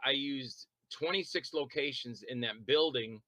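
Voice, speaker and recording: A man chatting as an interview guest, telling long rambling stories about making films, quick to laugh and to act out what others said. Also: mid-range voice, pushed and bright, no room sound, poor audio. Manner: rambling anecdotal storytelling. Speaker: interview guest, independent filmmaker and actor. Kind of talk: casual interview chat.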